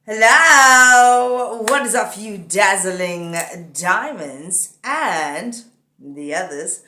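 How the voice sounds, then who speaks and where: A woman hosting her channel, opening with an animated, drawn-out greeting. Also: medium pitch. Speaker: channel host. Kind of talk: YouTube channel intro. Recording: echoey room with faint music.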